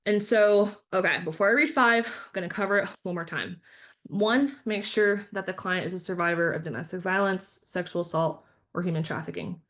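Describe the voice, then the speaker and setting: A woman's voice: on the low side, brisk, fairly bright tone. Friendly woman leading a training. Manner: friendly, instructive, addresses audience as y'all. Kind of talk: online training presentation.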